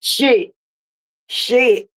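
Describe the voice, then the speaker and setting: A woman's voice: a little high, drawn-out words. A woman hosting a casual livestream while sick and sniffly, chatting straight to her viewers and swearing freely. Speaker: livestream host.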